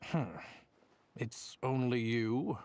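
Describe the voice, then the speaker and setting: A man's voice: medium pitch, expressive, very slow, darkish tone, a little hiss or hum. An actor playing a haughty male academic official who talks in a posh, condescending way and doubts everyone. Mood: questioning. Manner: posh, condescending, skeptical, drawling. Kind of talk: game voice acting.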